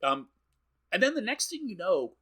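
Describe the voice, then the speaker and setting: A man co-hosting a podcast walks through a film scene by scene, his bright voice swinging up and down as he acts out the characters. He talks casually and swears freely. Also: sits high, normal speed, slightly rough. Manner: animated, swearing, acting out characters' lines. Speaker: podcast co-host. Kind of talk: casual chat recapping a film.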